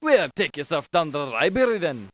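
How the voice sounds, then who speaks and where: An actor playing a brusque Irish police desk sergeant in an adventure game, speaking in a dismissive brogue. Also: male voice, on the high side, very animated, a little fast, a bit bright, no room sound. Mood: gruff. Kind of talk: 1990s adventure game voice acting.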